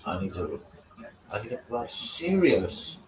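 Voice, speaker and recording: A man hosts a live stream, rambling casually to chat in a slangy style and swearing a lot. His mid-range voice moves briskly. The room is echoey, and there is heavy background noise.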